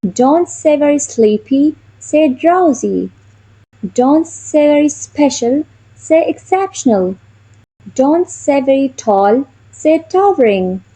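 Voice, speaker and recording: A woman as an English teacher giving a scripted vocabulary lesson in a measured, even, word-by-word delivery. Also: sits high, low-quality recording.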